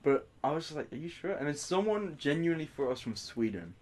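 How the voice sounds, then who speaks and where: A young man with a Bristol accent tells lively stories, slipping into other people's voices as he goes. His talk is loose and friendly, like a co-host riffing in conversation. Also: on the high side, fast, crowd noise. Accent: Bristol English. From England. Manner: animated anecdotes, acting out others' lines. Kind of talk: casual chat.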